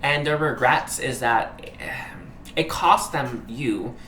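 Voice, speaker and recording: A man gives a heartfelt tarot reading in a bright, forward voice. He keeps stumbling, hunting for the right word and saying sorry. The sound is roomy and echoey, with a faint hiss underneath. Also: medium pitch, slow pace. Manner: hesitant, searching for words, often apologizing; earnest, emotionally moved. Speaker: tarot reader. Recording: roomy echo, faint background noise.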